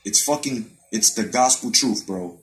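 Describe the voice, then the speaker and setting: A man's voice: on the low side, a little slow, a bit bright, poor audio. A man hosting a live stream about boxing, ranting in a heated, profane way, swearing constantly and hammering the same points again and again. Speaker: boxing commentary host. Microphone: live-stream webcam mic.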